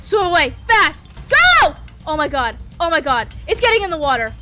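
A young adult woman giving casual gameplay commentary, excitable, pleading with and cursing at the game as she plays. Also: sits high, a little fast, over loud music. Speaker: gaming YouTuber.

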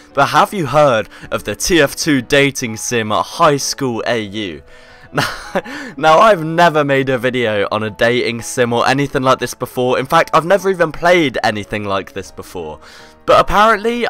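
Upbeat man with a bright voice. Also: mid-range voice. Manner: upbeat and joking. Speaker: YouTuber. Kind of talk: casual gameplay commentary.

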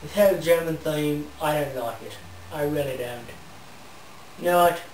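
A man's voice: fairly high pitch, normal speed, darkish tone, reverberant, recorded from a distance, a little hiss or hum, poor audio. A man hosting a comedic parody, ranting in a blustery, mock-indignant way and sometimes slipping into fake foreign gibberish. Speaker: parody show host.

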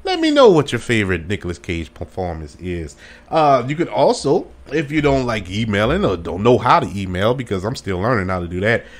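A man's voice: lowish voice, sing-song, fairly quick. A man hosting a solo podcast, rambling and enthusiastic, laughing often as he talks. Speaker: podcast host. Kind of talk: casual solo podcast chat.

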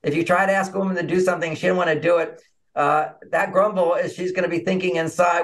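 A man's voice: high voice, fast. A man as an interview guest, telling stories and acting out little scenes of dialogue over a video call. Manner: animated, acts out quoted dialogue. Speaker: relationship author and interview guest. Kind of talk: conversational interview storytelling.

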